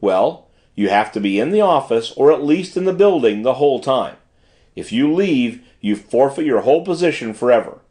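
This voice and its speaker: A man voicing a brisk, fussy middle-aged male manager who talks formally and gushes in an audiobook reading. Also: medium pitch, animated, mellow, natural voice. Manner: formal, gushing and exacting.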